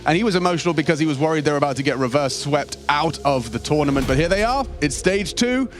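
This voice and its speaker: A man's voice: fairly high pitch, animated, quick pace, faint music behind. A man casting esports, playful and full of puns and banter. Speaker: esports caster. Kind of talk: color commentary.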